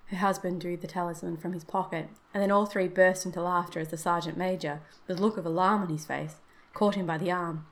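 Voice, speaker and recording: A woman reading a classic tale aloud, her voice sitting a little low. The narration is steady and measured, unhurried between the quoted voices. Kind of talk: scripted storybook narration.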